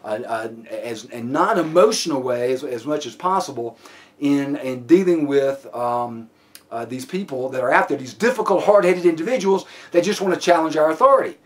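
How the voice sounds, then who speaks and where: A man's voice: fairly high pitch, lively intonation, moderate pace. A man lecturing a police training class, plainspoken and given to restarts and repeated words. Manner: plainspoken, many restarts and fillers.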